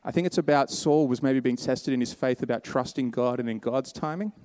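A man's voice: mid-range voice, brisk, a little mellow, no echo. A man preaching a sermon, telling a Bible story in a casual, conversational way and voicing the characters' lines.

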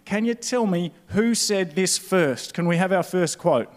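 A man with a fairly high voice delivers an Easter sermon to a large auditorium. He is playful, quizzing the audience and inviting them to call out answers. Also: measured pace. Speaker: pastor.

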